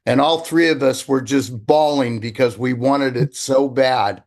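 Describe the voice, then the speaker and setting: A man's voice: medium pitch, measured pace. Earnest man sharing a story. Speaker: call participant. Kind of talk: casual sharing on a group call.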